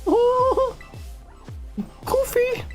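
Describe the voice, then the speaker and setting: Cheerful cartoon mouse, squeaky falsetto pushed far above his own voice, faint music under it. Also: steady tone, very slow, exaggerated voice. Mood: chirpy. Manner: chirpy, greeting kids.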